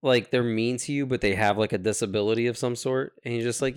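A young man rambles through crude jokes on a casual podcast, with plenty of fillers. His voice sits at an ordinary pitch. He is recorded close and dry. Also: fairly even intonation, quick pace, clean tone, no room sound. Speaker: podcast co-host. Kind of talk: casual chat.

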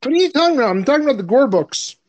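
A man's voice: very high-pitched, big pitch swings, very fast, slight background noise. A man co-hosting a podcast in casual chat, crude and joking, laughing often and stumbling over his words. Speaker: podcast co-host.

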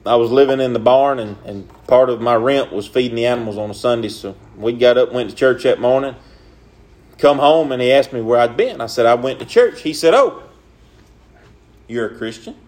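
A man's voice: medium pitch, a little fast, darkish tone. A young man preaching a sermon in an earnest, repetitive way, with folksy, casual grammar.

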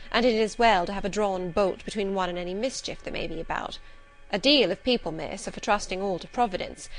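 A woman reading the part of a guarded middle-aged servant woman who speaks steadily and primly, with quiet insinuation. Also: mid-range voice, lightly acted.

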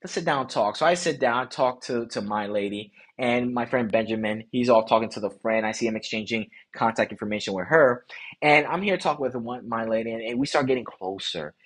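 Male podcast host, husky voice, animated casual storyteller, slangy. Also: medium pitch, a little fast. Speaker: podcast host, dating coach.

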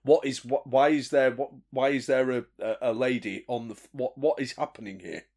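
A man as an earnest adventurer, stammering, flustered, middle pitch. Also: moderate pace, creaky, darkish tone. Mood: agitated. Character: earnest adventurer demanding answers.

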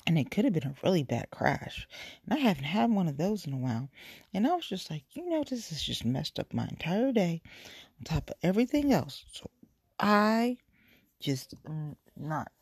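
A woman's voice: fairly low pitch, big pitch swings, moderate pace, darkish tone, slightly rough, dry recording, clean studio sound. A middle-aged woman hosting a casual solo podcast, venting in a rambling, exasperated way and repeating herself. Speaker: podcast host.

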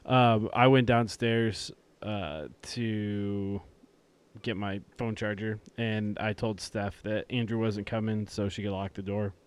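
A man's voice: lowish voice, flat delivery, takes it slowly, clear, resonant tone. A young man hosting a casual podcast, chatting in a laid-back way and laughing often. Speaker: podcast host. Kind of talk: casual podcast chat and read ad.

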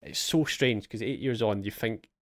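A young man hosting a casual gaming chat, telling relaxed stories with swearing and bursts of remembered excitement. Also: on the low side, moderate pace, no room sound, clean studio sound. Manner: relaxed storytelling, swears, acts out his past excitement. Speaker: podcast host.

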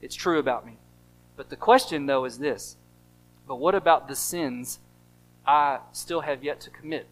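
A male pastor with an American accent preaching a sermon, stressing key phrases over and over and swinging between loud emphasis and quiet asides. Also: a little high, normal speed, long pauses, faint music behind, rough recording.

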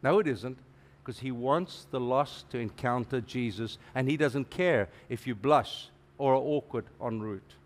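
A middle-aged man, preaching a sermon as a guest preacher in an animated, emphatic way with playful asides. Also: mid-range voice, measured pace.

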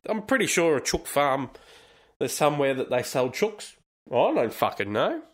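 A man's voice: on the high side, very animated, moderate pace. An Australian man hosting a comedic podcast, ranting in a sweary, sarcastic and rambling way. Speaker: podcast host.

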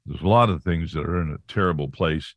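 A man co-hosting a political talk show who talks in an indignant, animated way. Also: fast, dry recording. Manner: animated, indignant, dramatic rises in pitch. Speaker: co-host.

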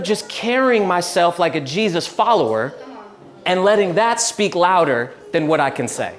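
A young man giving a relaxed, chatty sermon, telling stories with laughs and restarts. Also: high voice, normal speed. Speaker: pastor. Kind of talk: casual sermon with storytelling.

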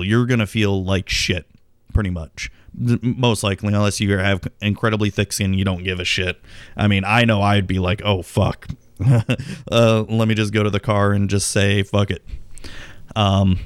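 A man's voice: on the low side, smooth, no echo. A man streaming live and talking casually, rambling and swearing freely, often restarting his sentences. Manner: rambling, profane, self-correcting. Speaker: streamer and podcast host. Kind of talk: casual livestream chat.

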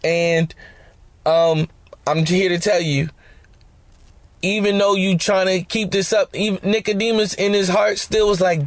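Male podcast host, casual scripture teacher with a joking edge, slightly high voice, close and dry. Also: steady tone, a little slow, pauses often, dry recording. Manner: conversational, slangy, joking asides.

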